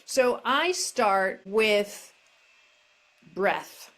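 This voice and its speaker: A middle-aged woman coach speaking gently and reflectively as an interview guest, over a video call from home. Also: medium pitch, animated, drawn-out words. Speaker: self-compassion coach. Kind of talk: interview guest, casual explanation.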